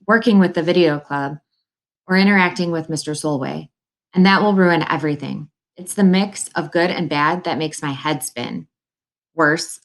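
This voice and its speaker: A woman narrates a novel aloud in the first person, telling the story in an earnest, quick way. Her voice sits a little low for a woman. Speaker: audiobook narrator.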